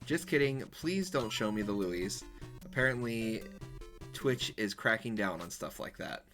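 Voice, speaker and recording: A male streamer talking off the cuff while he plays a golf game, rambling and correcting himself as he goes. His voice is bright and forward, and his pitch moves a lot from phrase to phrase. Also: lively intonation, a little slow, faint music behind. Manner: rambling, chatty, self-correcting. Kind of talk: casual chat while gaming.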